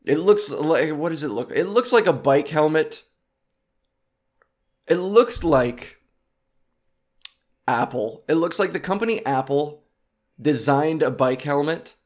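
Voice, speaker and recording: A man's voice: on the high side, animated, slow pace, pauses often. A man hosting a comedic solo podcast, rambling and self-mocking, and easily sidetracked, speaking close to his microphone. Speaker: podcast host.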